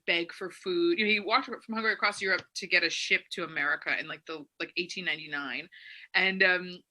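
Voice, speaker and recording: A woman co-hosting a podcast, chatting casually and telling animated stories with loud acted quotes. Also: on the low side. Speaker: podcast co-host. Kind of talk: casual chat.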